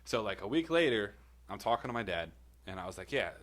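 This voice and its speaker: A man's voice: lowish voice, lively intonation, brisk, a bit bright. A man on a podcast telling a personal story in a loose, rambling way, swearing often and laughing between lines. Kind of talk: casual storytelling.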